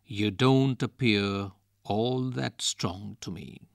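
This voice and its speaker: A man reading aloud and voicing a sly male desert ghost that calls out slowly and coaxingly. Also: lowish voice, creaky, dry recording, studio quality, voice pushed down.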